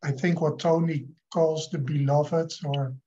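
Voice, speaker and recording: A man's voice: a little high, steady tone, unhurried, warm tone, highs cut off, a little hiss or hum. A man on a video call, speaking hesitantly and repeating words as he describes an inner experience. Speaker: participant. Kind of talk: casual spiritual conversation over video call.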